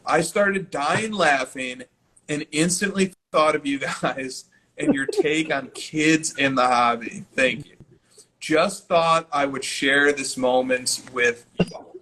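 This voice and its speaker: Bright-voiced joking male podcast host. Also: fairly high pitch, slow. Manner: joking, laughs often. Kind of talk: casual chat.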